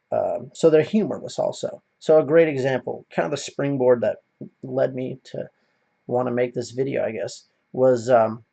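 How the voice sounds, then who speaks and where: A man's voice: medium pitch, gravelly, darkish tone. A man ranting in a casual monologue, swearing often and rambling with many fillers. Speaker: video commentator.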